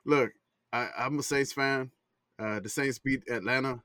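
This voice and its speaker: A man's voice: mid-range voice, fairly even intonation, measured pace, sharp tone, no echo. An easygoing man chats on a podcast and laughs easily. The recording is dry, with no room sound. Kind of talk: casual chat.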